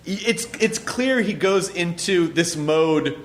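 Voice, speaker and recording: A man's voice: high voice, animated, slow pace. A man hosting a podcast in casual chat, rambling through anecdotes, swearing and acting out quotes. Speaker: podcast host.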